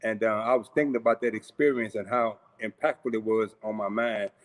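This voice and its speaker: A St. Louis, USA man with a lowish voice and fairly even intonation tells a personal story a little fast. As a guest storyteller he keeps it conversational, filling it with fillers and mimicking the people he quotes.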